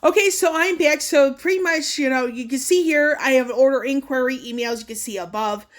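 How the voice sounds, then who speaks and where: High-voiced woman vlogger giving a warning. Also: fairly quick. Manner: earnest, warning, with fillers and restarts. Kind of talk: casual screen-share walkthrough.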